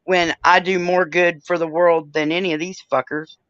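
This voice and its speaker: A woman's voice: fairly low pitch, level tone, normal speed, fairly bright tone, no room sound. Blunt, foul-mouthed woman hosting a stream. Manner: blunt, profane, laughs easily. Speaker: livestream host. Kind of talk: casual livestream chat. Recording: dull dry lo-fi stream audio.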